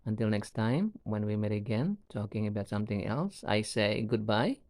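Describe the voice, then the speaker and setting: A man's voice: lowish voice, animated, a little mellow, no room sound. A man teaching an English lesson, saying each example sentence twice and checking in with listeners with a "see?" or "right?". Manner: slow, repeats each example sentence, asks students rhetorical checks.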